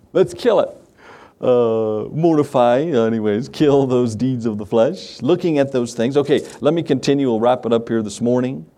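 A man's voice: mid-range voice, normal speed, hardly any pauses, dark tone. A man pastor delivering a sermon, emphatic, posing questions and answering them himself. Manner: emphatic, asks and answers his own questions.

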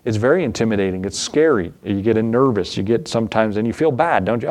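A man preaching an evening church sermon, asking rhetorical questions that rise in pitch and repeating phrases for stress. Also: expressive, a little fast, few pauses, a little mellow.

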